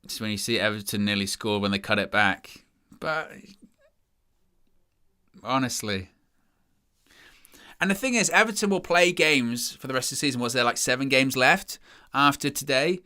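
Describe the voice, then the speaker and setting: A man's voice: mid-range voice, normal speed, pauses often, sharp tone, clear, resonant tone. A man giving live watchalong commentary as a fan presenter, exasperated and sarcastic about his team's play.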